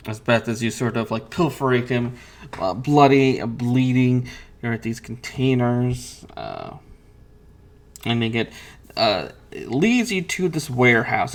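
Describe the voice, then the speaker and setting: A man's voice: medium pitch, lively intonation, measured pace. A man running a tabletop game as game master, hesitant with many fillers and restarts.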